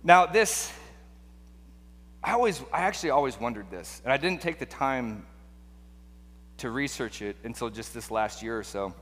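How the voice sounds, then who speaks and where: A man's voice: mid-range voice, lively intonation, moderate pace, pauses often, a bit bright. A man preaching a sermon in a conversational way, full of rhetorical questions and restarts. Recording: long hall reverb.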